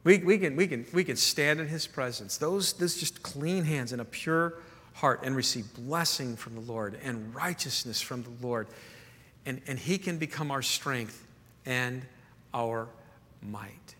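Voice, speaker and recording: A man's voice: mid-range voice, unhurried, bright, forceful tone, slightly rough. A man preaching a sermon as pastor, earnest, often repeating words as he builds a point. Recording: echoey hall reverb.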